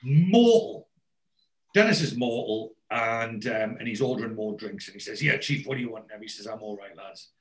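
A man in casual chat, retelling a TV episode and jumping into higher, louder voices for the characters he quotes. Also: a little fast, few pauses.

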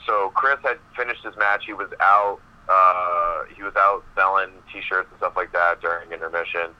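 A male professional wrestler, a guest on an interview podcast, telling a long backstage story in a rambling, animated way with many fillers. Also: low-pitched, normal speed, smooth, lo-fi sound.

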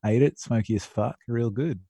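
A man's voice: mid-range voice, moderate pace, dark tone, slightly rough, dry recording, clean studio sound. A man, laid-back, swearing freely in a casual chat over a video call. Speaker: podcast co-host.

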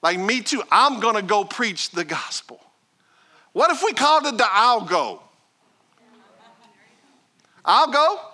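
High, bright-voiced preaching pastor. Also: male voice, sing-song, normal speed, slightly rough. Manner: rhetorical, building "what if" questions; swings from loud exhortation to hushed intimacy. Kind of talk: sermon.

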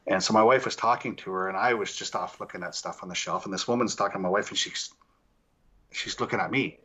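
A man's voice: fairly low pitch, fast talker, husky, lo-fi sound. A middle-aged man, a paranormal investigator, telling stories in casual chat and acting out the people in them. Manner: animated anecdotes with acted quotes, laughs often. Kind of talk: casual storytelling.

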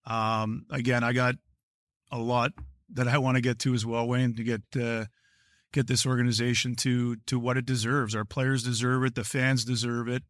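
A man answering questions as a hockey executive at a press conference, measured and halting, with frequent restarts. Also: medium pitch, flat delivery, a bit bright, no room sound, studio quality.

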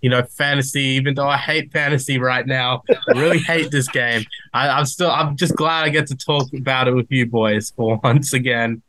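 A man co-hosting a podcast, sounding sick and talking in a rambling, halting way. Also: mid-range voice, fairly even intonation, pushed and bright. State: sick, hoarse. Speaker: podcast co-host.

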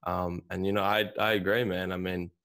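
Young man, very deep gravelly voice, flat delivery, laid-back podcast host. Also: moderate pace. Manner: laid-back, many fillers like "man" and "you know". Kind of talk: casual chat.

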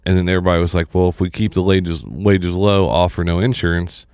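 A man's voice: sits low, little pitch movement, fairly quick, darkish tone, clear, resonant tone, no room sound, studio quality. A man in a casual chat, joking and rambling about work.

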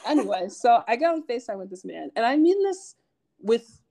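Brief: young woman, podcast co-host, lively storyteller, laughs through her anecdotes, slightly high voice. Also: fairly quick, creaky, over a noisy crowd. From family from Nigeria. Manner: animated storytelling with frequent laughs. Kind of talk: casual chat.

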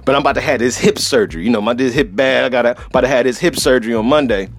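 A man doing a loud, stubborn ex-athlete. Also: mid-range voice, very fast, faint music behind, close to an everyday voice. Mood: excusing. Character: irritable retired male athlete, loud and stubborn.

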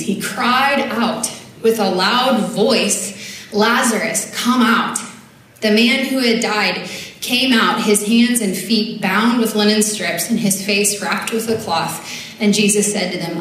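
A woman's voice: mid-range voice, slow pace, a bit bright, far from the mic, slight background noise. Woman giving a sermon, chatty and earnest, lots of ums, big echoey church sound. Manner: earnest, conversational, with frequent filler words. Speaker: speaker at a church service. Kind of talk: sermon with scripture reading.

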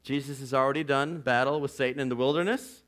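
A man preaching a sermon as pastor, earnest and conversational, swinging from loud declarations to hushed asides. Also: mid-range voice, fairly even intonation, quick pace. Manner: earnest and conversational, with "like" and "you know".

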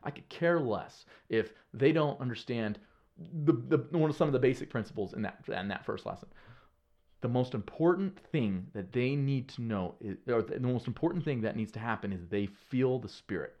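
A man who is a podcast guest, telling stories in an earnest, animated way, with casual slang and frequent restarts. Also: medium pitch, moderate pace, lo-fi sound. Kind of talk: casual conversational storytelling.

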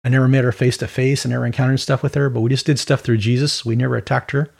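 A man preaching an informal Bible teaching in a conversational, animated way with quick asides. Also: mid-range voice, gravelly, husky.

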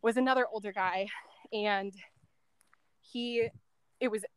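A woman's voice: medium pitch, steady tone, takes it slowly, smooth, no room sound. Chatty woman telling a story, dry sound. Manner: chatty, lots of "like" and "um", laughs softly between thoughts. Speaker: guest, former end-of-life caregiver. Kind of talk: casual storytelling.

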